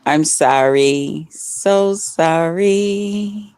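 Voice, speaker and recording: A woman's voice: fairly low pitch, very slow, very noisy. A woman guest on a live stream panel, chatting in a playful, teasing way with frequent laughs. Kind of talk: casual chat.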